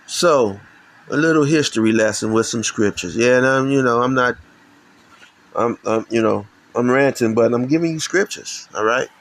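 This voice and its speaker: On a low-quality recording, a middle-aged Chicago man runs his channel with a heated, profane rant about religion, repeatedly stumbling and starting sentences again. He speaks at normal speed in a medium-pitched voice.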